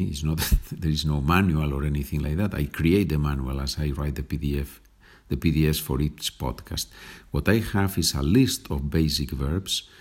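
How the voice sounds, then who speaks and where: Low husky male teacher. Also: a little mellow. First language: Spanish. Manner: slow deliberate example sentences, chatty asides ending in "okay?". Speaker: language teacher, podcast host. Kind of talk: podcast language lesson.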